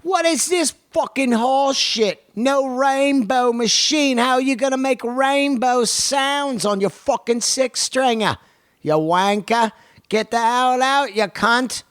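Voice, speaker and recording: Man doing a high-pitched, foul-mouthed British gear snob, sneering and insulting, in a dry room. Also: expressive, slow pace, bright, forceful tone, no room sound, heavily acted. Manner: profane, insulting, scornful.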